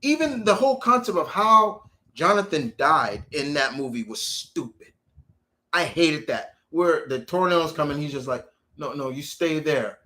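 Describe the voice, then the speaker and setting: Excitable man ranting on a stream. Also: fairly high pitch, normal speed. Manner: animated, repetitive restarts, swears freely. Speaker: streamer answering viewer questions. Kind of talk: casual live-stream rant.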